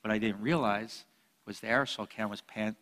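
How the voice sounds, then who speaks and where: A man preaching a sermon, a lively storyteller with jokes who swings between loud and soft. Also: lowish voice, fairly quick, long reverb tail. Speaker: pastor.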